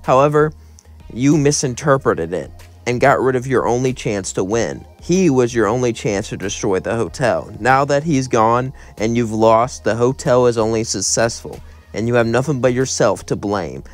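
A man's voice: medium pitch, normal speed, soft background music, natural voice. Man doing a stern, scolding angel commander. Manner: stern, lecturing.

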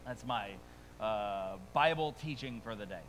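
A middle-aged male pastor preaching a sermon in a playful, self-mocking way, joking with the congregation and swinging between hushed asides and loud bursts. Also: on the low side, animated, a little slow, background noise.

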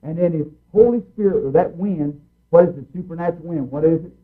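A man's voice: on the high side, fast talker. A man preaching a fervent sermon in a folksy, emphatic way, repeating his points over and over. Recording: tinny phone-like recording.

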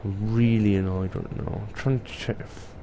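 A man's voice: fairly low pitch, level tone, moderate pace, background noise. Jumpy young man doing horror game commentary. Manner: jumpy, swears a lot, talks to viewers. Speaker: gaming youtuber. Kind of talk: let's play commentary.

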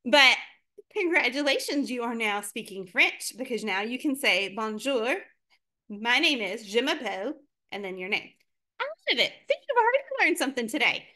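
An upbeat woman teacher with a high, bright voice, leading a class of children. She cheers them on and sounds out each new word slowly and clearly. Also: sing-song. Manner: upbeat and encouraging, slow clear modeling of words.

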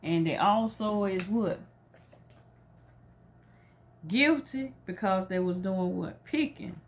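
A woman reading a storybook aloud to children, pausing to ask them coaxing, leading questions about feelings. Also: mid-range voice, lively intonation, slight background noise.

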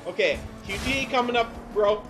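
Over game music, a man with a high voice talks fairly quickly while playing a video game. His let's-play commentary is casual but exasperated, full of swearing and frustrated yelps.

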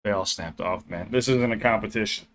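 A man's voice: on the low side, fairly quick, a bit bright, slight background noise. Rambling, swearing reaction host man. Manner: loose, profane, rambling chat with laughs. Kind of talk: casual reaction commentary.

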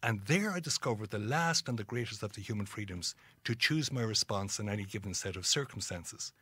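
Speaking fairly quickly in a husky, fairly low voice, this middle-aged man from Ireland is an interview guest spinning stories. He brings the tales to life by performing the voices of those he quotes, and there's no room sound.

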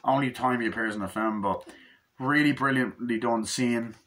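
A man's voice: mid-range voice, moderate pace, a bit bright. A man casually reviewing a film, rambling and swearing freely. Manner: rambling, profane, acts out scenes in quoted voices. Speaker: movie reviewer.

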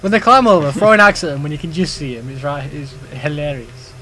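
A man's voice: fairly high pitch, brisk, pushed and bright. A young man co-hosting a let's play video, chatting and laughing as he plays. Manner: chatty, laughs often, eager to react to the game. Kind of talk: casual gaming banter.

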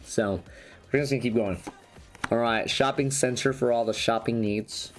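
This YouTuber talks at a moderate pace in a steady, medium-pitched voice that is going hoarse as he opens trading card packs. His commentary is casual and rambling, with restarted sentences, and faint background music plays.

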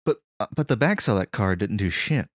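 A man's voice: on the low side, expressive, a little fast. A man chatting casually while playing a video game, rambling and restarting his sentences. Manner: rambling with lots of fillers and restarts. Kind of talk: casual gameplay commentary.

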